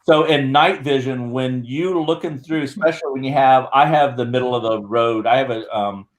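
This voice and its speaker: Man, medium pitch, guest on a casual chat, rambling storyteller, video call. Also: moderate pace. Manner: rambling, self-correcting storyteller. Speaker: guest, Bigfoot researcher.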